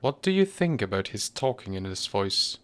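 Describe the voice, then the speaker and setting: Here a man voices an agitated, irritable male professor for a storybook reading, speaking high, sharp and insistently. He's very animated and keeps to a normal speed.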